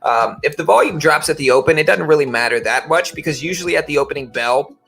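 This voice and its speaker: Speaking quickly in a fairly bright voice on the high side, with vocal fry, a Baton Rouge man in his thirties chats casually on his trading livestream. His faint Louisiana accent comes through as he rambles from his home office, relaxed and peppered with "bro" and "you know."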